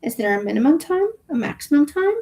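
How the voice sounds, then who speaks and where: A woman's voice: sits high, big pitch swings, quick pace, warm tone, voice pushed up. Woman reading as a wry stranded scientist man. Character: wry, nerdy male scientist stranded in space. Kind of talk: reading a novel aloud.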